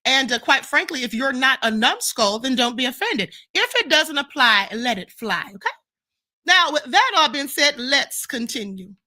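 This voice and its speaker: High, bright-voiced woman lecturing viewers. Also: big pitch swings, normal speed. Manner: emphatic and lecturing, repeats "okay?" and "ma'am". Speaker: live-stream commentary host. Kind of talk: heated commentary answering viewer comments.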